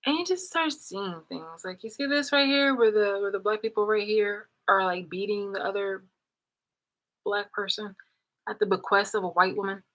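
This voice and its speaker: Woman, bright voice, casual rambling storytelling, blunt and profane, at home. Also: mid-range voice, moderate pace, poor audio. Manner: rambling, with many fillers and restarts. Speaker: vlogger. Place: room in her home.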